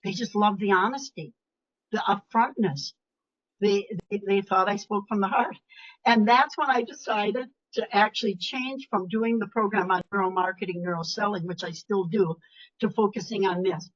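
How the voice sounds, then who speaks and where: An older woman coach giving a live webinar talk, animated and emphatic, often dropping her voice low or to a whisper for effect. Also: normal speed. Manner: animated, emphatic, varies loudness, drops to whispers. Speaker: speaker and leadership coach. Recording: dull lo-fi webinar audio.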